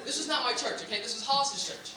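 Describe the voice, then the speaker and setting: A young man doing a stand-up set at a live venue, telling stories in an animated way with sudden shouts and laughing asides. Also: extremely high pitch, fast talker. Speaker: stand-up comedian. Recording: echoey distant room mic, loud crowd and noise.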